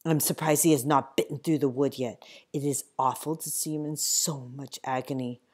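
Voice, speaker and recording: Very deep-voiced woman narrating a story. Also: fairly even intonation, moderate pace, darkish tone. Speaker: audiobook reader. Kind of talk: first-person storybook narration.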